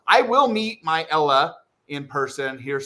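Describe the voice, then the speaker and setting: A man hosting a casual livestream, chatting with viewers and greeting them in excited bursts. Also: on the high side, a little slow. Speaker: livestream host.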